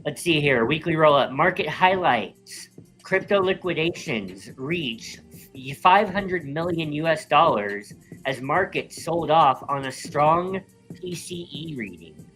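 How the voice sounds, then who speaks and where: A man's voice: a little high, expressive, slow pace, a bit bright, faint music behind, low-quality recording. Easygoing man full of ums. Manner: easygoing, many filler ums. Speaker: co-host reading a sponsor roll-up. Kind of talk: casual chat and ad read.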